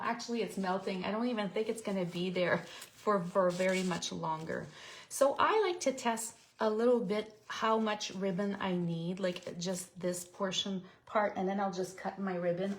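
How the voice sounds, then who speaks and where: A woman's voice: medium pitch, echoey room. A woman talks viewers through a card-making project on a live stream, explaining each step as she works and chatting between them. Her voice sits in a middle range. The audio is a noisy livestream recording with clicks behind it. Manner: chatty, explains steps while working, reads viewer comments. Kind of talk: live craft tutorial.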